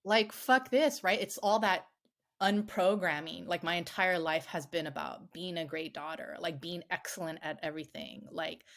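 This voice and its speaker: A woman, a self-defense coach on a podcast, tells a story in a lively, casual way, swearing freely and filling her speech with "like". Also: low voice, moderate pace, vocal fry. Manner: animated, swears freely, many "like" fillers.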